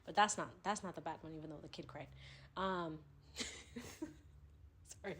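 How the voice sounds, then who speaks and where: A young woman hosting a podcast, telling animated stories in casual chat with laughter. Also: sits low, normal speed, slight background noise. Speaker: podcast host. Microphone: podcast microphone.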